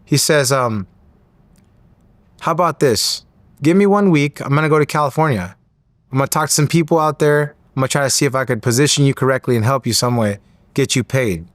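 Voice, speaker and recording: A thirties-aged man, appearing as an interview guest, narrates a lively story and voices the people in it, his pitch rising for each quote. He talks a little fast with a somewhat bright tone, and the recording has no echo.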